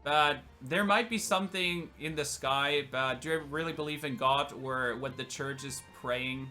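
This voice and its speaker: A young German man with a German accent streams a relaxed Q&A, answering viewer questions with jokes and frequent laughter. His voice is on the high side, bright and forceful, at a moderate pace over soft background music.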